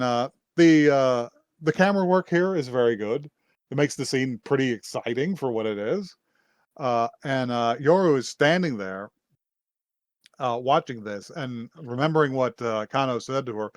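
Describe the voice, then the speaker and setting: A man's voice: mid-range voice, no echo, clean studio sound. A man hosting a podcast, casually recapping an anime episode in a rambling way, with many fillers and frequent laughs. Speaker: podcast host.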